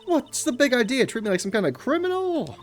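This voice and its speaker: A man's voice: extremely high pitch, very animated, fairly quick, soft background music, pitched above the performer's own voice. A man voicing a young woman witness who answers in a huffy, defensive way. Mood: indignant.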